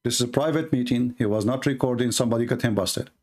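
Fast and darkish, at medium pitch, a male host delivers live religious commentary on video clips. He's indignant and emphatic, repeating words to drive them home.

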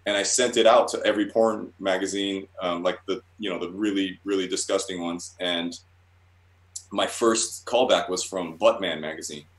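A man with a fairly low voice tells loose, rambling stories in a casual interview. He swears freely and pokes fun at himself as he goes. The recording has a roomy, echoey sound. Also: fairly even intonation, moderate pace. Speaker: guest cartoonist.

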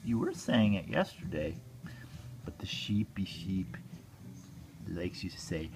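A woman's voice: extremely low pitch, very animated, slow, background noise. A woman speaking in coaxing, sing-song baby talk while she plays with her toddler at home. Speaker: parent playing with a toddler.

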